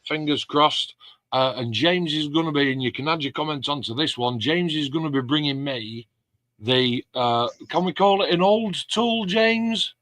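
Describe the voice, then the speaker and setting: A man's voice: fairly high pitch, normal speed, a bit bright, no echo. A man hosting a casual live stream, chatting and reading out viewer comments. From England. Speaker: host of a model-building live stream.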